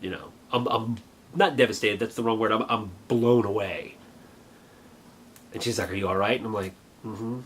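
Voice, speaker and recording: Guy in his 40s talking about an old memory, lowish voice, thoughtful, keeps restarting his sentences. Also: a little hiss or hum. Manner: earnest, reflective, halting. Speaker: vlogger. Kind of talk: personal reminiscence.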